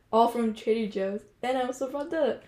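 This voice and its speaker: A teenage girl co-hosts a casual podcast, talking in an unhurried, halting way. She fills her sentences with pauses and small fillers. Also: fairly high pitch, dark tone. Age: teens. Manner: slow, hesitant, many fillers and giggles. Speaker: podcast co-host. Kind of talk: casual chat.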